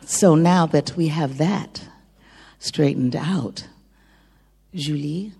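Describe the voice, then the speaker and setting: A woman bandleader chatting with the audience between songs, drifting into soft near-whispered asides. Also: deep voice, drawn-out words, vocal fry, slightly rough. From lived in France twenty-four years. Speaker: bandleader on stage. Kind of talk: stage banter between songs. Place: large concert hall with an audience. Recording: reverberant hall with a faint crowd.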